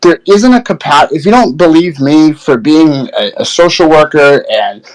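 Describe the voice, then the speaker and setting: A man who works as a social worker, answering criticism in a measured, defensive, halting way. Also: fairly high pitch, animated, poor audio. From Maine. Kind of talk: heated discussion.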